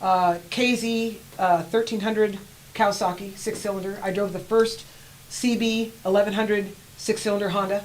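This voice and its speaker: Lively woman telling road stories. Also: medium pitch, normal speed, slight background noise, low-quality recording. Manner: animated, laughs often, acts out quoted voices. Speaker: guest rider. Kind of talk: storytelling in a casual interview.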